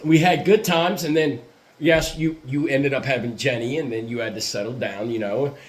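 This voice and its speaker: A man's voice: mid-range voice, steady tone, moderate pace. A man telling a rowdy story in a casual podcast chat, swearing freely and laughing often. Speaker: podcast host.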